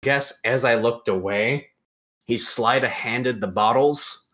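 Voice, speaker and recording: A young man, hosting a podcast and telling a lively story in casual chat. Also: mid-range voice, slow. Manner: animated storyteller, acts out quoted voices loudly. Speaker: podcast host.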